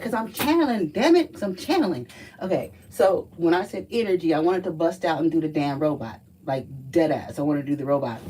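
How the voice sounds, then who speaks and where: A woman with a low, mellow voice does a relaxed live card reading, blunt and quick to curse as she talks. She sits a bit back from the mic, with a faint hum of room noise behind her. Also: recorded from a distance, low-quality recording. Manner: blunt, profane, chatty. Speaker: livestream card reader.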